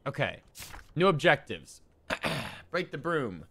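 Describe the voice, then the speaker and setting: A young man giving casual, profanity-laced commentary while playing a game, with lively stretches of storytelling. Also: on the high side, slow, creaky, over loud music. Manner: swearing, animated storytelling. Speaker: streamer.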